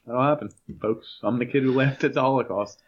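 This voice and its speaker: A man's voice: medium pitch, fairly quick, a little hiss or hum. Lo-fi laughing storyteller man. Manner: laughs while telling stories. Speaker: podcast co-host. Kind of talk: casual chat. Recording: dull lo-fi sound.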